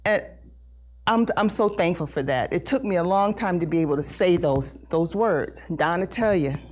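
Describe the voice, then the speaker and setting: A middle-aged woman giving an emotional personal testimony at a Bible study, earnest and halting, repeating words as she talks. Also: lowish voice, expressive. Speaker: congregation member sharing testimony.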